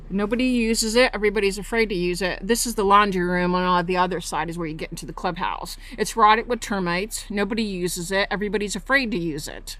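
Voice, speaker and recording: A woman's voice: mid-range voice, fast, few pauses, a bit bright, dry recording. A woman walking outdoors through her residential park, filming on her phone and pointing out problems in an indignant, accusing way. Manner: indignant, accusing, points things out as she walks. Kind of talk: walking tour vlog with complaints. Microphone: phone camera held while walking.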